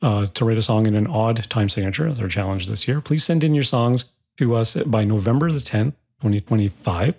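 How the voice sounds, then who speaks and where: Man, podcast host, low voice, gravelly, casual rambling chat. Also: a little fast, darkish tone. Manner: rambling, many restarts and fillers.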